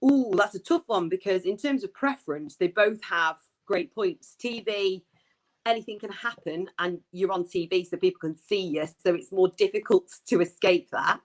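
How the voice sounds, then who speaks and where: Woman sports broadcaster guest, mid-pitched, bubbly, animated, quick to laugh. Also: poor audio. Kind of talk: casual interview chat.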